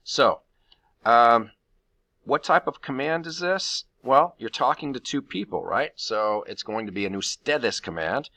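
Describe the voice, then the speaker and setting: Bright-toned male Spanish teacher. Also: medium pitch, lively intonation, a little slow, dry recording. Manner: patient, step-by-step explaining. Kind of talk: classroom grammar lesson.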